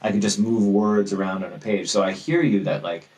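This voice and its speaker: A man talking as a guest on a podcast about his writing, thoughtful and animated, often poking fun at himself. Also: fairly low pitch, brisk, rough recording. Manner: thoughtful, animated, self-deprecating. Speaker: guest author. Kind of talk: casual interview chat.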